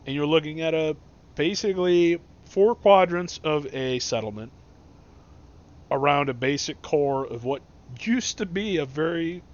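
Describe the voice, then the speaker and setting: A man's voice: on the high side, lively intonation, measured pace. A man narrating as game master of a tabletop game, in casual, rambling speech over an online voice chat. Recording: dull lo-fi recording.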